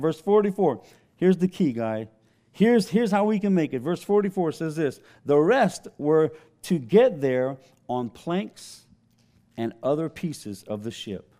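A man's voice: on the high side, very animated, unhurried, dark tone. A man preaching a sermon as pastor, telling stories conversationally and laughing often.

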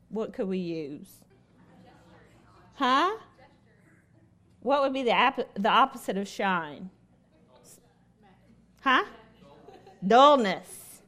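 At a devotional, a lay speaker tells a personal story, asks her listeners questions, and uses repetition to stress her points. Her voice is a little high with a fairly bright tone.

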